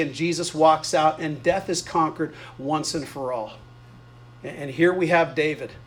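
A male pastor giving a sermon, retelling stories in a conversational way with casual asides. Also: fairly high pitch.

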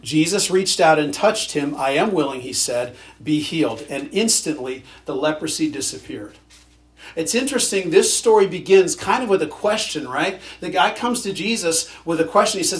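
A man's voice: on the high side, animated, normal speed. A male pastor preaching a sermon in a conversational way, with dry sarcastic humor.

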